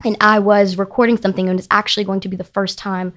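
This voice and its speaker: Woman guest on a podcast, middle pitch, talks fast and emphatic, gets fired up. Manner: emphatic, animated, rising into heated retelling. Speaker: podcast guest, business founder. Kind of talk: casual interview storytelling.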